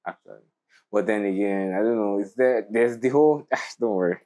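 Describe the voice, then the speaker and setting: A man's voice: lowish voice, fairly quick, dark tone. A young man co-hosting a podcast in a studio, opinionated and prone to rants, laughing often. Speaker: podcast co-host. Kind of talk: casual podcast chat.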